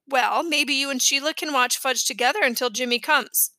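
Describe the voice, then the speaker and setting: A woman reading as a calm practical mom. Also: high voice, moderate pace, no echo. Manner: calm, reasonable, gently firm.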